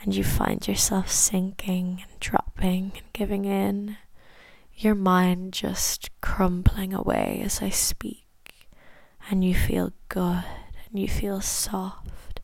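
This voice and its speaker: Woman hypnotist, whispered ASMR hypnosis, unhurried and gravelly, close and dry. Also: medium pitch, level tone, darkish tone, no room sound. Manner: slow, soothing whispered suggestions. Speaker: hypnosis audio creator.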